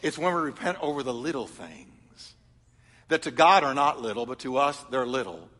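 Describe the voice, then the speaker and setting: A middle-aged man preaching a sermon, telling stories and swinging from loud emphatic lines to soft confiding ones. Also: medium pitch, animated, normal speed, big-room sound. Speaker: pastor.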